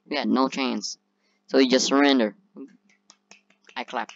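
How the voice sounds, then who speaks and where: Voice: mid-range voice, fairly even intonation, a little slow, gravelly, dry recording, highs cut off. A gamer giving casual let's-play commentary on a desk mic, playful and over-dramatic, talking himself through each fight by repeating words. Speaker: gamer playing online. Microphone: own desk mic, sometimes bumped. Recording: loud game music behind the voice. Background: loud game music.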